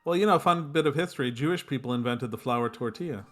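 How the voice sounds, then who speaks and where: Deadpan man in mid pitch. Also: fast, soft background music. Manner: dry, deadpan jokes and narration. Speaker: podcast co-host and story narrator. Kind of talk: casual improvised storytelling chat.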